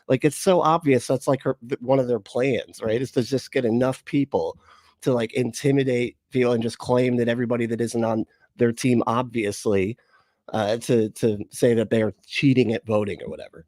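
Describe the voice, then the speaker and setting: A man's voice: medium pitch, steady tone, moderate pace, darkish tone, no echo, studio quality. A man hosting a casual livestream. He swears a lot, laughs often and talks straight to his viewers. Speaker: host.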